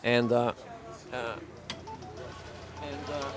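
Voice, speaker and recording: A man's voice: medium pitch, steady tone, very slow, loud music behind the voice. A man co-hosting a casual chat on a cafe terrace, joking and rambling. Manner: joking, rambling, switches into mock voices. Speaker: vlog co-host.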